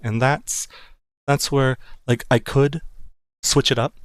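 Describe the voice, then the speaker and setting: A man's voice: mid-range voice, steady tone, measured pace, smooth, dry recording, studio quality. A man, a game master, casually thinking aloud about how he voices characters. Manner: thoughtful, thinking aloud with restarts.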